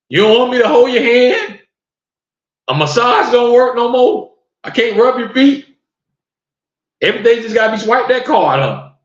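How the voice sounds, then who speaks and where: A man hosting a podcast, ranting on a live stream to his viewers and firing off rhetorical questions in disbelief. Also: very high voice. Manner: incredulous, fires off rhetorical questions. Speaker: podcast host. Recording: roomy, dull lo-fi sound.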